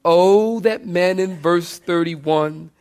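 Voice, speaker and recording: A man's voice: slow pace, darkish tone, clean tone. A man preaching a sermon, building his points by repetition and calling on the congregation to respond. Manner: preaching with call-and-response, sweeping pitch swings. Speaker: pastor.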